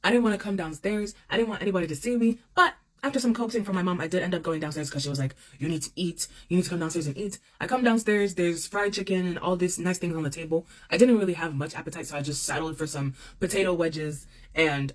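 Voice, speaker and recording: A young woman casually telling a personal story to camera, expressive and repeating phrases for emphasis. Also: on the low side, fast talker, few pauses.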